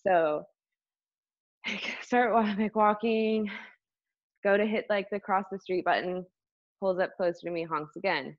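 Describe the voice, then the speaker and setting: Young woman guest, casual animated storyteller; dry, slightly lo-fi recording. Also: mid-range voice, measured pace, pauses often, no room sound. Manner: animated, lots of fillers, acts out voices in anecdotes. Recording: dull, slightly lo-fi dry sound.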